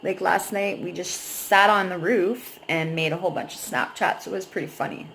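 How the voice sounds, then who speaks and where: A woman's voice: fairly low pitch, moderate pace, vocal fry, a bit bright, a little hiss or hum, rough recording. A young adult woman vlogging, venting at length about a painful breakup in a rambling, emotional way and swearing freely. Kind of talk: personal venting vlog.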